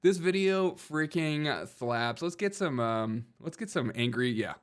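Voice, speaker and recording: A man's voice: fairly high pitch, lively intonation, unhurried, clean tone. A man hosting a comedic news commentary show, riffing, laughing often and repeating himself as he reacts. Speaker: show host.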